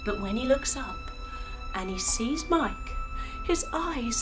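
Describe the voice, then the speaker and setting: A woman teacher telling a children's story while leading a yoga lesson, animated and using sound effects. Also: fairly high pitch, slow, over music.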